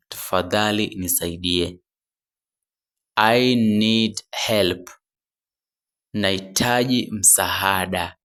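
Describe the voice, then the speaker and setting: Very slow, low-voiced male language teacher. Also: fairly bright tone. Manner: repeats each phrase slowly, then gives the translation; corrects himself mid-phrase. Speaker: English teacher. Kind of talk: beginner language drill.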